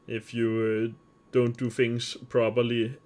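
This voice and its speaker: Male game streamer, mid-range voice, halting live commentary. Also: medium pitch, completely flat delivery, a little mellow. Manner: hesitant, many filler sounds.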